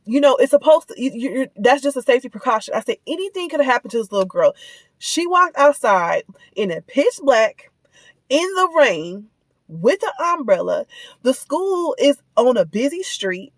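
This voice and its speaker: Fired up woman venting on a vlog, kinda high voice, repeats herself a lot, dry sound. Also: very animated, normal speed, dry recording. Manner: indignant, heated, repeats herself while retelling. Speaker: parent telling a personal story. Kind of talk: casual ranting vlog.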